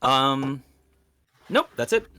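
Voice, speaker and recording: Slow, theatrical man narrating his moves. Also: mid-range voice, very animated, bright, forceful tone, clear, resonant tone. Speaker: player. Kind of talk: narrating his character's actions.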